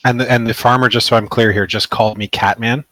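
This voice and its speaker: A man's voice: mid-range voice, fairly even intonation, fast, pushed and bright. A man in a tabletop game describing his character's actions, good-humored and descriptive. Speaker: player.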